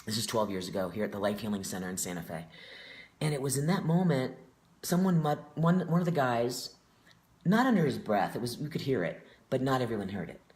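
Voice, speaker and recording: A man of middle pitch talks as an interview guest, earnest and reflective. He thinks aloud and leans on fillers. His voice rings in a noticeably echoey room. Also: expressive, a little fast, a little mellow. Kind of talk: casual conversation.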